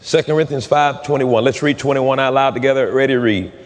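A man preaching a sermon to his congregation, at times racing and at times drawing phrases out into loud, stretched calls. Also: medium pitch, fairly even intonation. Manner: fervent preaching, swings between rapid talk and drawn-out shouted phrases. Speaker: pastor. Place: church sanctuary. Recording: long hall reverb.

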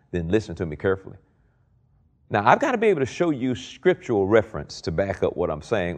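Animated male preacher reading scripture. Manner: animated preaching, swings from low and quiet to high and loud; reads scripture aloud and comments on it. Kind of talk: sermon.

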